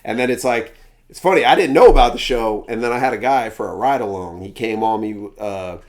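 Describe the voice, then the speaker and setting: A man co-hosting a casual podcast chat. He tells stories in an animated way, acts out the people in them with sudden yells, and swears freely. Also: mid-range voice, fairly quick. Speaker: podcast co-host.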